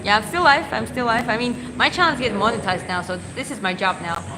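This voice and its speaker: A woman chatting casually on a live stream as a fitness coach, talking in halting bursts full of fillers and restarts. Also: a little high, a crowd in the background, poor audio. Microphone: clip-on mic put on mid-stream.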